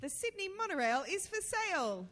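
A woman co-hosting a comedy chat who is bubbly and quick to giggle. Her voice sits high. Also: big pitch swings, fairly bright tone. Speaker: podcast co-host.

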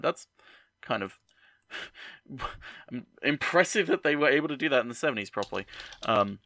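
Brief: male podcast co-host, bright mid voice, casual trivia with laughs, dry room. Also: medium pitch, normal speed, no room sound. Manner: chatty, fillers, shares fun facts with laughs.

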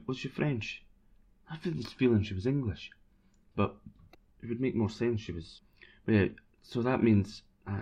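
Male host, lowish voice, loose self-mocking football chat, muffled lo-fi audio. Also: darkish tone. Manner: rambling, self-mocking, bursts into sung chants. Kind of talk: casual chat about football. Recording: dull lo-fi recording.

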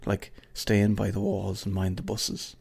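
Irish guy doing his podcast outro, low gravelly voice, bit husky, swears a lot and rambles. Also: monotone, a little slow, darkish tone. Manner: rambling, swearing, jokey asides to an imagined colleague. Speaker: podcast host. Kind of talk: casual solo podcast outro.

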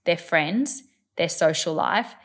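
A woman's voice: lowish voice, slow pace, fairly bright tone. An Australian woman in her thirties, chatting on a podcast, emphatic and stacking points into repeated lists. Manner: emphatic, builds repetitive lists. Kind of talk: casual podcast chat.

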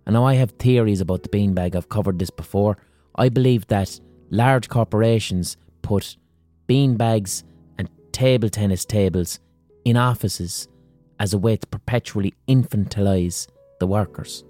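A man's voice: on the low side, normal speed, mellow, soft background music. An Irish man hosting a podcast, delivering a rambling, profane comic monologue. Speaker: podcast host.

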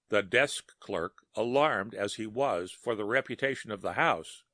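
A man narrating a story in a measured, dramatic reading. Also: mid-range voice, bright, forceful tone, no echo, studio quality.

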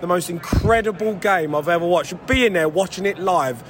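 A man's voice: high-pitched, moderate pace. An English man, a former footballer, being interviewed on the street, overwhelmed and repeating himself, calling the interviewer mate. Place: outdoors in a city street after a match. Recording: street crowd noise behind.

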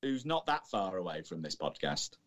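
A man's voice: deep voice, very animated, normal speed. A man co-hosting a podcast, teasing his partner and telling rambling anecdotes with frequent restarts. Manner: rambling, teasing, restarts while recalling details. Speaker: podcast co-host.

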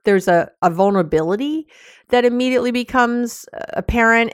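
A woman's voice: mid-range voice, dry recording, clean studio sound. A woman hosting a solo advice podcast, talking frankly and casually, with many fillers and restarts. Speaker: podcast host giving sex advice.

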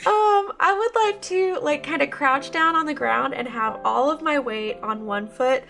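A woman's voice: sits high, unhurried, gravelly, a bit bright. A woman playing a tabletop game, cautious and chatty, laughing often. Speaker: player. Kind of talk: casual tabletop play.

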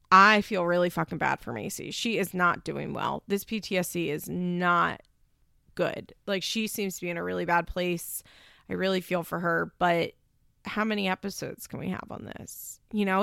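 A woman's voice: fairly low pitch, creaky, fairly bright tone, smooth, no echo, studio quality. A woman recapping a reality show in a casual monologue, talking bluntly and candidly with plenty of swearing and filler "like.".

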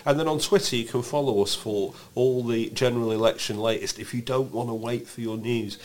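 A man co-hosting a casual political podcast, telling stories with incredulous, animated delivery and frequent laughter. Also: mid-range voice, fairly quick. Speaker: podcast co-host.

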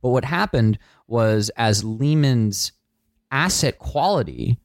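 A man co-hosting an economics discussion, explaining financial markets in a measured, casual way. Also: medium pitch, animated, dry recording, studio quality.

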